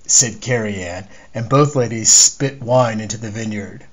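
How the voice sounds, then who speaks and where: A man, the author, reading a chapter of his novel aloud in measured storytelling narration. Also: lowish voice, poor audio. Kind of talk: scripted narration.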